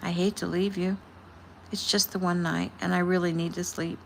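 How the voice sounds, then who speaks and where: A woman reads her own novel aloud in a relaxed, casual way, giving the characters' lines a gentle touch. Her voice sits on the low side, with a faint hiss in the background. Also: moderate pace, creaky. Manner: reads casually, softly voicing each character. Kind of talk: casual audiobook narration with character dialogue.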